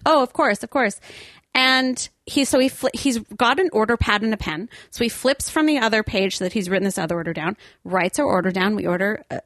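A woman telling a story in a casual chat, animated and laughing often. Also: mid-range voice, no echo, clean studio sound.

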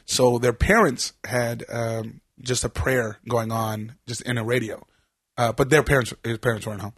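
A man's voice: medium pitch, steady tone, normal speed, fairly bright tone, husky, no echo, studio quality. A man telling a long, rambling story on a podcast, full of fillers and laughter. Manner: rambling, laughing, with many fillers and acted quotes. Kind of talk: casual storytelling chat.

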